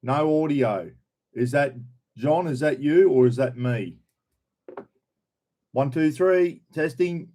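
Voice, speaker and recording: A man's voice: fairly high pitch, slow pace, long pauses, mellow. Chatty older Australian man live-streaming. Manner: chatty, greets viewers by name, blunt and swears freely. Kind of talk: casual live-stream chat.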